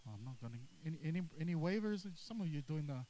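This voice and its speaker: A man preaching a sermon, energetic and drawing responses from the congregation. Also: on the high side, fast talker, low-quality recording. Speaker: pastor.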